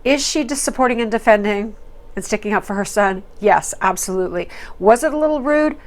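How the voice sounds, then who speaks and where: A woman's voice: medium pitch, a little fast. A woman hosting a reality TV recap, talking in a chatty, opinionated way with fillers and quoted asides. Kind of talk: casual commentary.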